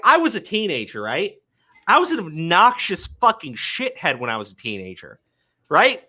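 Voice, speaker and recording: Guy ranting on a commentary stream, kinda high bright voice, swears constantly, stumbles over his words. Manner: heated, swears a lot, stammers and repeats words. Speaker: commentary show host. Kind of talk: casual commentary chat.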